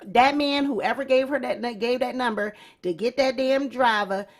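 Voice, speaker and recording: A woman's voice: a little high, normal speed. A woman hosting a celebrity gossip show, talking casually and sassily straight to her viewers. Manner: sassy, talks straight to viewers. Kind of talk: casual commentary.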